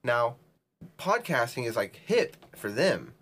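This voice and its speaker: A man's voice: mid-range voice, big pitch swings, slow pace, fairly bright tone. A man co-hosting a podcast, chatting casually in a rambling, sarcastic way. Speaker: podcast co-host. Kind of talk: casual chat.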